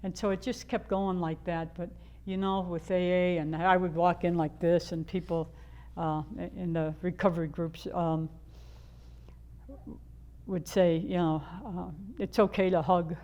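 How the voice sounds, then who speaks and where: A woman's voice: on the low side, flat delivery, unhurried, darkish tone, lo-fi sound. An older woman from the Chicago area telling her own life story in a candid, rambling way, full of fillers and restarts. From Chicago area, USA. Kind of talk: personal storytelling.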